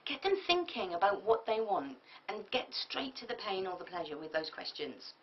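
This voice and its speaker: A woman, a public speaking coach giving a tutorial lecture in a lively, emphatic way and acting out example lines. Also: medium pitch, normal speed. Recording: distant mic, dull lo-fi sound.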